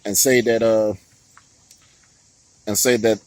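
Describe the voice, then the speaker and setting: A man's voice: lowish voice, flat delivery, takes it slowly, a little mellow, dry recording, low-quality recording. A man giving heated, profane political commentary on his vlog, often stopping to laugh and restarting his words.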